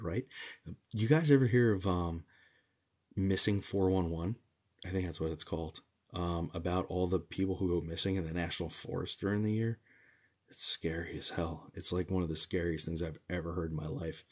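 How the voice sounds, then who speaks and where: Casting: young man from New Jersey, low husky voice, chatty livestream host answering comments with jokes. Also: darkish tone. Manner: chatty, joking, reacts to comments aloud. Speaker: medium doing a livestream Q&A. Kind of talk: casual livestream chat reading comments.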